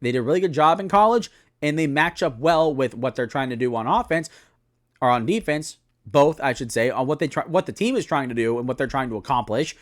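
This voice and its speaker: A young man giving a solo football season preview, talking it through with animated, self-correcting analysis. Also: medium pitch, brisk. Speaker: sports commentator.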